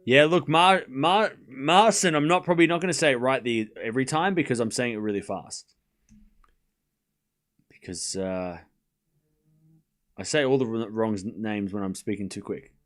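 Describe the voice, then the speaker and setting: A man hosting a live tennis watchalong stream, calling points in quick bursts and chatting with viewers, often stumbling over player names. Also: medium pitch, fairly bright tone. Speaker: livestream tennis watchalong host. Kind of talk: live play-by-play commentary mixed with casual chat.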